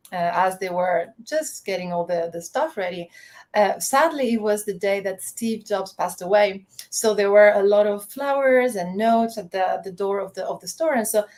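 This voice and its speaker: A woman's voice: medium pitch, a little mellow. A woman from the Canary Islands, a guest in a casual interview, speaking reflectively with frequent restarts. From Canary Islands, Spain. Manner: reflective, many restarts and reported dialogue.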